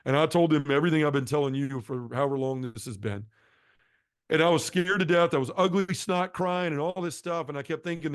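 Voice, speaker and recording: A man's voice: fast talker, dry recording, studio quality. Impassioned middle-aged man giving testimony. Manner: earnest and impassioned, shifting pitch and volume. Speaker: guest sharing a conversion testimony. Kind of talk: emotional testimony storytelling.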